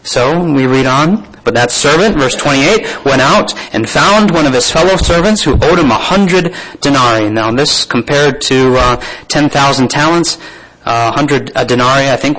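Male preacher, mid pitch, reads scripture and adds informal comments to the congregation. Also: husky, rough recording. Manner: reads scripture then comments with asides and soft laughs. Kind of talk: sermon.

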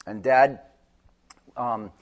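A man preaching a sermon, moving between loud urgent peaks and quiet, low passages. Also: steady tone, extremely slow. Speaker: pastor.

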